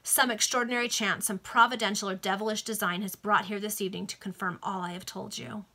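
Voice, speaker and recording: Woman reading male engraver, loud, indignant, bright voice. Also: medium pitch, fairly even intonation, fast, gravelly. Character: brash male engraver, excitable accuser.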